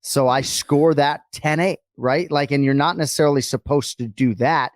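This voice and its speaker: A man co-hosting a podcast, talking casually and energetically, with quick asides. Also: on the high side, steady tone, dry recording, studio quality. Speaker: podcast co-host. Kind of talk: casual chat.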